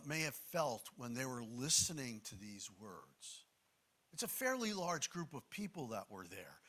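Animated, bright-voiced male preacher. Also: on the high side. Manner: animated, emphatic, conversational preaching with asides. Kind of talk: sermon.

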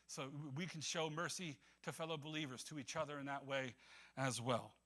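A man's voice: fairly high pitch, fairly even intonation, a little fast, sharp tone. A man preaching a casual, conversational sermon, acting out the voices of biblical figures and laughing often.

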